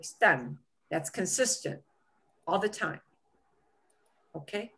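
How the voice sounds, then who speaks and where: Woman, language teacher, slow careful delivery, lively pitch, frequent check-ins. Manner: checks in with "okay?" often, slows to stress words. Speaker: Spanish teacher. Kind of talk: beginner language lesson.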